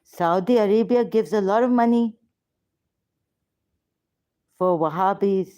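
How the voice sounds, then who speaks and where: Woman in a heated argument, accusatory and unrelenting, slow measured pace. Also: mid-range voice, warm tone. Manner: confrontational, accusatory. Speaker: ex-Muslim debater on a call.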